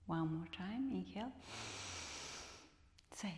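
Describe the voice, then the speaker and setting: Slow calm woman guiding movement. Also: fairly low pitch. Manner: calm cueing, counting reps, soft encouragement. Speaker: movement and breathwork instructor. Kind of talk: guided movement practice. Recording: echoey room with long reverb.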